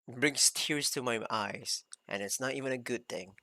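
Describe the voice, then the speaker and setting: A man's voice: mid-range voice, normal speed, bright, forceful tone, no room sound. A man streaming, giving a heated, rambling rant full of swearing while reacting to a video. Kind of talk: ranting reaction commentary.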